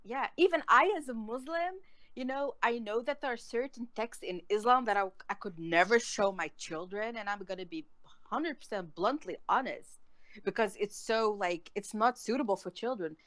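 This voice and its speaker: A woman's voice: fairly high pitch, moderate pace, a bit bright, no room sound. A woman in a heated casual chat, ranting angrily with a lot of swearing. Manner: angry, profane ranting.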